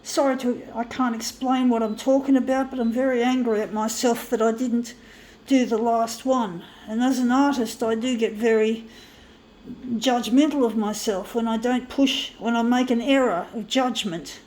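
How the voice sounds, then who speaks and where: A woman's voice: a little high, steady tone, moderate pace, a little mellow. A woman artist rambling to camera, upset and shaky on the verge of tears, self-critical and repeating herself. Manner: self-critical, repetitive, keeps saying folks.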